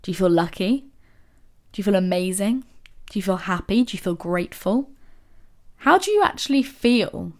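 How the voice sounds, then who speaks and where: A woman hosting a podcast, talking to listeners in a casual motivational monologue full of rhetorical questions and soft asides. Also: mid-range voice, lively intonation, moderate pace, pauses often. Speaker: podcast host.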